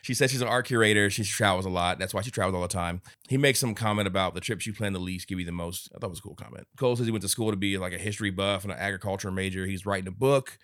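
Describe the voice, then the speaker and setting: A man co-hosting a podcast, retelling a film plot in casual chat, swearing and acting out quick quotes. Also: sits low, fairly even intonation, fairly bright tone, no echo, clean studio sound. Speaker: podcast co-host. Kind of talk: casual movie review chat.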